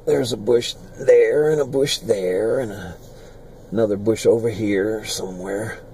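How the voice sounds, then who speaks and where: A man's voice: fairly low pitch, unhurried, mellow, a little hiss or hum, poor audio. A man in his sixties telling old stories on a walking tour, rambling and conversational as he points out places on a residential street. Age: 60s. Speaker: YouTube vlogger. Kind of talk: walking tour with personal storytelling.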